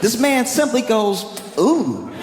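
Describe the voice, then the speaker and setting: A male stand-up comedian telling a story in an animated, incredulous way. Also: on the high side, moderate pace. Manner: animated, incredulous, exaggerated retelling. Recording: echoey hall with background noise.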